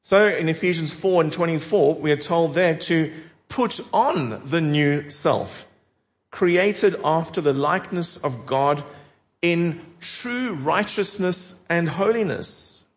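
In a dull, lo-fi recording, a man delivers a sermon slowly, his fairly high voice carrying earnest emphasis. He presses the listeners with direct questions.

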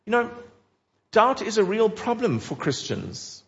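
A man preaching with earnest emphasis and a fairly high voice, pressing his listeners with direct questions. The recording is dull and lo-fi. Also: very animated, a little slow. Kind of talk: sermon.

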